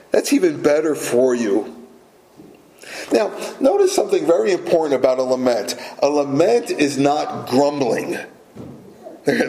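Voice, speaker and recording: A man preaching a sermon as pastor, deliberate and emphatic, repeating words for weight. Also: on the high side, gravelly, darkish tone, echoey room, rough recording.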